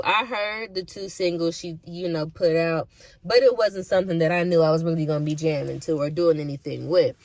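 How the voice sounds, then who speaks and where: A woman's voice: lowish voice, dry recording. A woman chatting casually in a reaction video, candid and profane, with lots of slang and asides. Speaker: vlogger reacting to an awards show.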